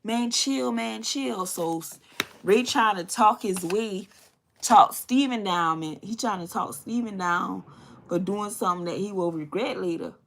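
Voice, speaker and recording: A woman's voice: mid-range voice, unhurried, slight background noise. Woman vlogger, casual storytelling over makeup, loose and chatty. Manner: loose and chatty, many fillers and asides. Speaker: beauty vlogger.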